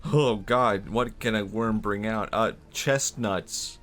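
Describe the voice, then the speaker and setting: A man streaming a game, riffing in an excitable, rambling way and laughing at his own ideas. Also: lowish voice, slow, soft background music. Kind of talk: casual gameplay commentary.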